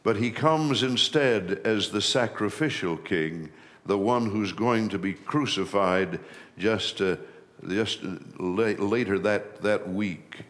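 Here a middle-aged man preaches as a pastor, his tone fairly bright. Key phrases get a rise in pitch and volume, and he slows down when he wants weight.

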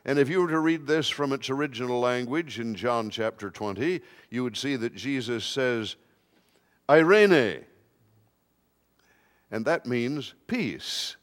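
A man preaching a sermon to a congregation in a slow, emphatic way with touches of light humor. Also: medium pitch, big-room sound.

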